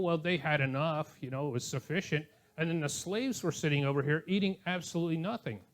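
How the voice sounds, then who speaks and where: Older man as a pastor preaching a relaxed sermon; slightly high voice, storytelling, light chuckles. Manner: conversational, anecdotal, with chuckling asides. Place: church.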